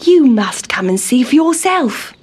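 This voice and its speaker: A woman's voice: big pitch swings, unhurried, a little mellow, slightly rough, exaggerated voice. Woman putting on a whiny town mouse. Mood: boasting. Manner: whiny, high and plaintive. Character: fussy complaining male town mouse.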